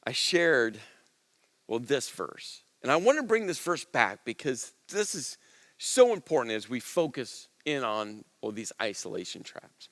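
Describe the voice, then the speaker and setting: A man preaching a sermon in an earnest, conversational way, dropping to soft low asides and rising for emphasis. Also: big pitch swings, unhurried, long reverb tail. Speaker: pastor.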